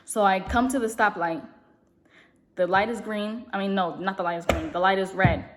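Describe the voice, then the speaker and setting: A young woman vlogger telling a long story in a casual, rambling way, talking fast and full of fillers. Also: mid-range voice, fairly even intonation, noisy background. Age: young adult. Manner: speaks fast.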